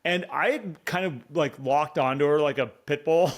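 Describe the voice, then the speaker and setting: A man co-hosting a podcast in casual conversation, animated and fond of acting out his own inner dialogue. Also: a little high, moderate pace. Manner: animated, acts out inner dialogue in quoted voices. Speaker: podcast co-host.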